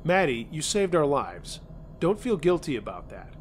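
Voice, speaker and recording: A man voicing a young woman who gently comforts her friend. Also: fairly high pitch, big pitch swings, normal speed, a little hiss or hum. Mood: comforting.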